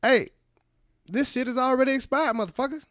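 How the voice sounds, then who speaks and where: An irritable middle-aged film tough guy, as a man impersonates him for a radio comedy bit. Every line ends in an indignant, explosive curse. The voice sits high, strained and sharp, in a dry, close sound. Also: brisk, no echo. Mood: fed up. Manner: indignant, explosive profanity-laced outbursts. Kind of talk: comedic impression on a radio podcast.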